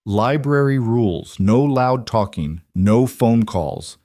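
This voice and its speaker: A man's voice: mid-range voice, lively intonation, slow, dark tone, no room sound, studio quality. A man voicing a frightened young female librarian who stands firm in a small trembling voice. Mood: insistent.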